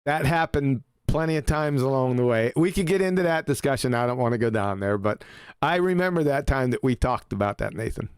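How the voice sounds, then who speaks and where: Male podcast host, mid pitch, dry close mic, relaxed and laughing. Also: fairly quick, clean tone, no room sound. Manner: laid-back, laughs often. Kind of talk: casual chat.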